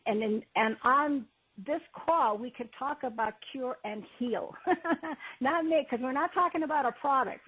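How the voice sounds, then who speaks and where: Woman host, loose and chatty, husky higher voice over a tinny phone line. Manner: chatty, rambling, frequent fillers and restarts. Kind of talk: casual call-in show talk.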